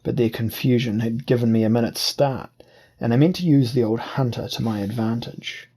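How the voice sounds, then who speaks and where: A man narrating an audiobook in a measured, deliberate reading. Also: medium pitch, dark tone, breathy edge. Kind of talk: scripted narration.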